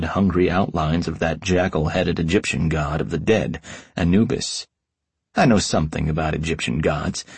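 A man's voice: low voice, creaky, husky, no room sound. A man reading an audiobook in the first person as a tomcat detective, with a wry, hardboiled delivery. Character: wisecracking tomcat detective narrating. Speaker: audiobook narrator.

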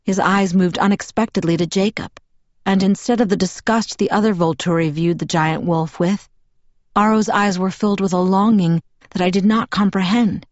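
A woman reading a novel aloud in first person as an audiobook narrator, in a measured, even storytelling manner. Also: medium pitch, no room sound, lo-fi sound.

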